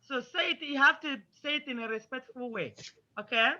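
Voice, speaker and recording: A woman's voice: high voice, fairly quick, bright, forceful tone. A woman teaching children in an online class, patient and coaxing as she explains. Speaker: language teacher. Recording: muffled lo-fi audio.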